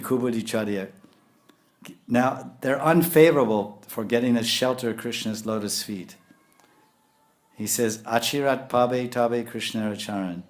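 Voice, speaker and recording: A man preaching a spiritual sermon in a lively, animated way, chuckling now and then as he explains. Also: medium pitch. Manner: animated, lapses into scolding voices when quoting; frequent chuckles and restarts. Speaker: spiritual teacher.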